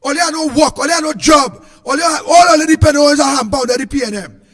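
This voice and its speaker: A man with a Trinidadian accent giving an impassioned political speech, shouting in a repetitive, sing-song way. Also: extremely high pitch, quick pace, long reverb tail. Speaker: political speaker.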